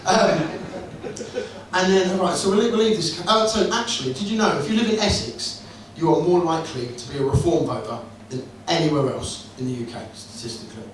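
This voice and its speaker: High-voiced man doing crude stand-up. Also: a little fast. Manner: crude, swearing, wry storytelling. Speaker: stand-up comedian. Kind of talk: stand-up comedy set. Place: comedy club room, indoors. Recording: echoey club room, distant mic, noisy.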